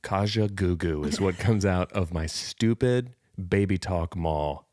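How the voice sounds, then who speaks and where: A man with a fairly low voice chats loosely on a podcast, rambling from joke to joke and poking fun at himself. The sound is dry and close, with no room around it. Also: darkish tone, no echo. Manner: rambling, jokey, self-deprecating, quick asides. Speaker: podcast co-host. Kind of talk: casual chat.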